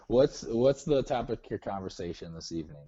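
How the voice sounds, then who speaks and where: A Minnesotan man with a matching accent calls into a show for a casual chat, his voice on the low side, dark and a little breathy, with lively intonation at a moderate pace. He's laid-back and teasing and laughs often, heard over dull lo-fi call audio.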